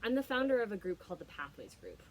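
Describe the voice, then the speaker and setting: Young woman, leadership trainer, emphatic keynote storyteller, mid-pitched voice, light ums. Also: huge pitch swings, fast, a little hiss or hum, low-quality recording. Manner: emphatic, storytelling, frequent fillers. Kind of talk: motivational keynote talk.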